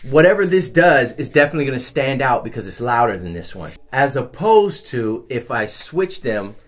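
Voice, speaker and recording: Man, casual percussion teacher, middle-pitched, rambling and laid-back delivery, shakers behind. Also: normal speed. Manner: relaxed, rambling explanations with restarts. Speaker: music teacher. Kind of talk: casual instructional talk.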